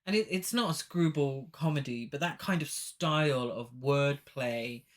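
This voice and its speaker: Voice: medium pitch, measured pace. A podcast co-host chatting casually about an old film, enthusiastic and rambling, often trailing off mid-thought. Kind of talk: casual film-review chat.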